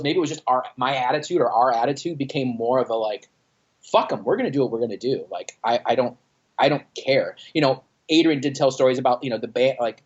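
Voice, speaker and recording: A man's voice: medium pitch, muffled recording. A man from Texas, a former band frontman, telling stories in a casual interview, swearing and acting out quotes. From Austin, Texas. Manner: profane, animated storytelling with acted-out quotes. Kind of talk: casual interview over a call. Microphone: internet call.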